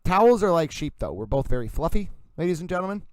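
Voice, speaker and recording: A man's voice: fairly high pitch, sing-song, quick pace. A man with a Massachusetts accent hosting a livestream, rambling playfully in a mock-grand, announcer-like manner. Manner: announcer-like delivery, mock-grand, keeps addressing "ladies and gentlemen". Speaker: livestream host.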